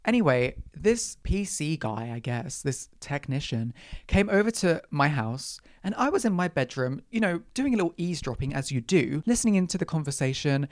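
A young woman hosts a solo podcast, delivering a comedic rant full of exaggerated, sweary outrage. Her voice is low-pitched, and the studio-quality recording has no echo.

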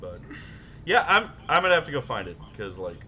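A man's voice: fairly high pitch, big pitch swings, fairly quick, bright, forceful tone, lo-fi sound, a little hiss or hum. A man co-hosting a podcast, telling profane, rambling stories in casual chat. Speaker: podcast co-host.

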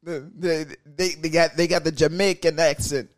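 A man's voice: fairly high pitch, fairly even intonation, moderate pace. A young man hosting a podcast in casual chat, teasing his co-host with prodding questions.

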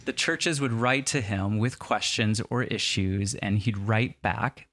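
A man's voice: on the low side, unhurried, a bit bright, no room sound. A man co-hosting a casual chat, wry and joking as he reads scripture aloud. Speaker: podcast co-host.

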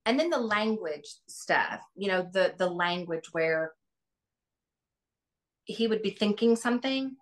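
A woman's voice: mid-range voice, expressive, a little slow, pauses often. A middle-aged woman, a guest on an interview, recalling family memories in an earnest, reflective way with many restarts. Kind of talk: interview, personal recollection.

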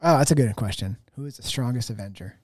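Man, podcast co-host, casual joking chat, mid pitch, dry close mic. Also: quick pace, darkish tone, no echo. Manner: joking, reads out chatbot answers in a put-on voice.

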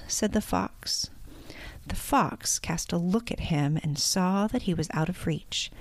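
Woman, storybook narration, slow, lower voice, dry close sound. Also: dry recording.

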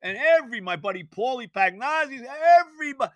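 An older man, hosting a sports podcast and ranting in exasperation with loud, theatrical outbursts. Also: very high voice, animated, fast, no echo. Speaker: podcast host. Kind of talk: sports rant.

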